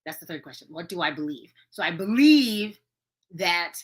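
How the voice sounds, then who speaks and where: A woman's voice: lowish voice, lively intonation, normal speed, rough recording. A woman podcast host talking casually and earnestly to her viewers, coaching them and repeating points for emphasis. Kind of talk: casual motivational talk to viewers. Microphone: streaming video to viewers.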